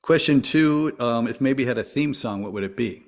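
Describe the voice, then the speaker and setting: A man's voice: medium pitch, normal speed. A man hosting a podcast, asking casual interview questions in an upbeat way and chuckling often. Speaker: podcast host.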